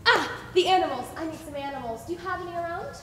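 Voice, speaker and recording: A young woman playing a kind, scatterbrained mirror fairy in a school stage play, gentle and coaxing. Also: very high voice, animated, quick pace, slight background noise. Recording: echoey hall, far off.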